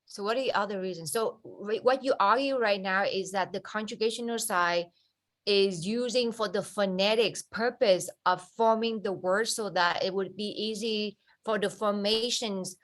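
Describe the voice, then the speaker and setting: A woman's voice: mid-range voice, moderate pace, fairly bright tone. Probing female student. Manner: probing, argues her point at length. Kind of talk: questioning in a class discussion.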